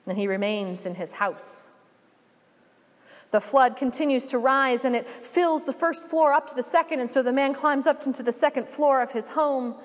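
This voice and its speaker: A woman preacher giving a sermon, telling a parable in a measured, reflective way. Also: on the high side, big-room sound.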